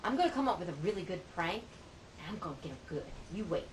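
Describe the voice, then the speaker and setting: In an amateur recording with noticeable background noise, a middle-aged woman, a mom, shares family stories casually and with self-mocking humor. Her fairly low voice moves at a quick pace with lively intonation, chatty and playful.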